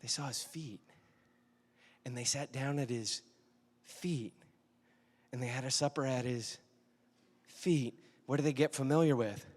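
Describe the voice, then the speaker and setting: A man's voice: mid-range voice, a little slow, long pauses, a little mellow, in a large hall. A man preaching a sermon in a conversational, storytelling way, often asking the audience questions. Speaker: pastor.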